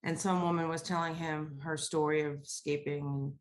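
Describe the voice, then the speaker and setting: A woman's voice: low-pitched, level tone, moderate pace. A woman co-hosting a casual podcast, telling stories candidly and swearing freely. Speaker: podcast co-host.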